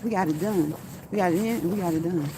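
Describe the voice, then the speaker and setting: Walking outdoors, a middle-aged vlogger chats casually with her viewers, her voice on the low side and her words coming fast. She laughs a lot and repeats phrases for emphasis, with noise in the background.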